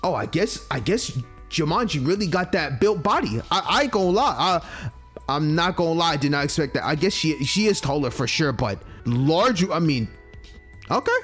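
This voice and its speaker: A man's voice: fairly high pitch, big pitch swings, moderate pace, fairly bright tone, slightly rough, soft background music. A man reading a visual novel aloud and reacting casually, with frequent swearing. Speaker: let's play gamer.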